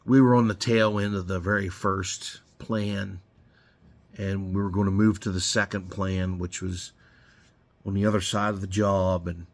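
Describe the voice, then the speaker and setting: Working away in his garage, a middle-aged man spins blunt, rambling, foul-mouthed stories in a casual way. He speaks in a low, creaky voice.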